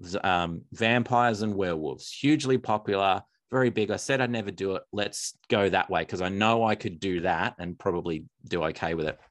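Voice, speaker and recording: Deep-voiced Australian man, self-deprecating. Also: a little fast, few pauses, no room sound. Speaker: author and musician guest. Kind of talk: casual interview chat.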